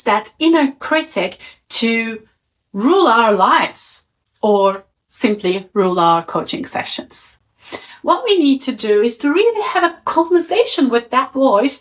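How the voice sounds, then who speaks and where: A woman in her thirties giving a calm, encouraging talk on coaching to camera. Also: high-pitched. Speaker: coaching trainer.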